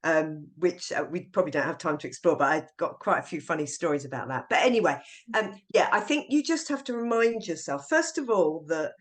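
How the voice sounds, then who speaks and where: A middle-aged woman, a teacher trainer, being interviewed on a podcast and telling classroom stories in a lively way. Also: deep voice, a little fast. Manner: lively storyteller acting out classroom voices.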